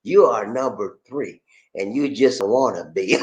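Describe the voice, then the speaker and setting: Man, livestream host, playful, lively swinging pitch, roomy echo. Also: a little slow. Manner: animated, playful, greets viewers by name, laughs often. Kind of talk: casual livestream chat. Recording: echoey room.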